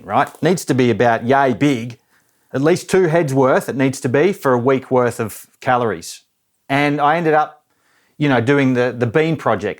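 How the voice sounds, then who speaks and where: A man in his thirties chatting casually and reflectively as a vlogger, rambling and self-mocking. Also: medium pitch. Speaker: filmmaker and vlogger.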